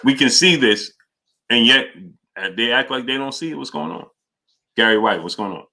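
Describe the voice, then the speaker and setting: Bright-voiced New livestream host. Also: male voice, mid-range voice, lively intonation, moderate pace, vocal fry. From New York. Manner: greets viewers by name, reads super chats aloud. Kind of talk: casual livestream chat.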